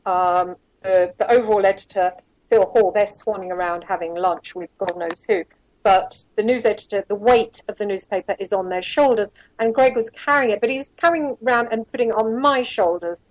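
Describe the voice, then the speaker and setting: A woman's voice: medium pitch, normal speed, no room sound, rough recording. A woman being interviewed, candidly telling a rambling personal story with asides and quoted dialogue. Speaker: interview guest, former private investigator.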